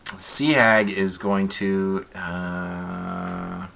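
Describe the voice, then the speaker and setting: A man running a tabletop horror game live as game master, animated and quick with apologetic asides. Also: low voice, gravelly, slight background noise, low-quality recording.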